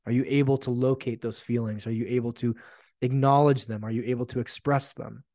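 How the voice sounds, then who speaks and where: A man's voice: medium pitch, fairly even intonation, fairly quick, dark tone, dry recording. Blunt, profane man on a dry mic. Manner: blunt, profane, emphatic storytelling. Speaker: podcast host. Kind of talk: solo podcast monologue.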